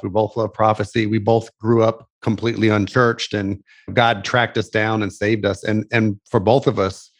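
A middle-aged man speaks as an interview guest, earnest and reflective, sometimes restarting his sentences. His voice sits a little low. He tells his story gently and without hurry. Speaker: interview guest, animation producer and author.

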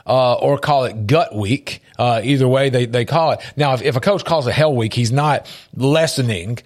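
A man co-hosting a faith-based talk show, telling stories with lively jumps in pitch. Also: normal speed. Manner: animated storytelling, jumps up in pitch for quoted voices. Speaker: podcast co-host.

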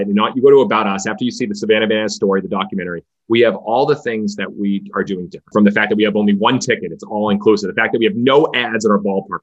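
Fast-talking energetic man telling stories. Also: on the low side, breathy edge, muffled recording. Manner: energetic, acts out quoted voices. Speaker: baseball team owner, guest. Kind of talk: storytelling podcast guest.

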